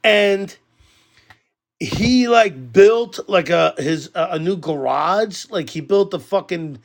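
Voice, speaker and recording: A man, co-hosting a podcast and telling a story in casual chat, animated and swearing a lot. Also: high-pitched, takes it slowly. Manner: animated, swears a lot, loudly acts out quoted arguments. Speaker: podcast co-host.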